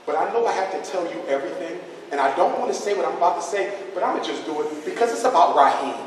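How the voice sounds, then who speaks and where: A man's voice: on the high side, animated, fast, voice pushed down, close to an everyday voice. A gushing schoolteacher , mocked by a man, oozing false sympathy in a sugary, confiding tone. The voice rings through a large reverberant hall. It is caught from a distance, with light noise behind it. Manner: syrupy, mock-sincere. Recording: echoey hall, mic far off.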